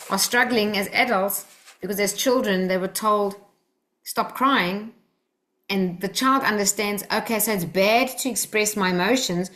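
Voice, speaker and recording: A woman teaching a live workshop, coaching the group gently and acting out phrases to say to children. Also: mid-range voice. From Australia.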